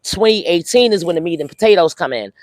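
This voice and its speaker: A woman's voice: lowish voice, expressive, fast, darkish tone, dry recording. A tired woman hosting a casual live recap, chatting with her viewers while walking outdoors and holding her phone, full of ums and you-knows. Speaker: livestream host recapping a court day. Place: outdoors, walking near a courthouse.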